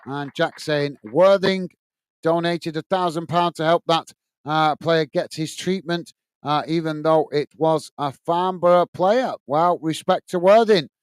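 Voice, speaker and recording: Guy hosting a footy stream, reads chat out, lots of uh, smooth dry voice. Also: a little high, a little slow, no room sound. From England. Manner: friendly, repetitive sign-offs with many "uh" fillers. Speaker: watch-along stream host. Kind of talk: casual live-stream chat, reading out viewer comments.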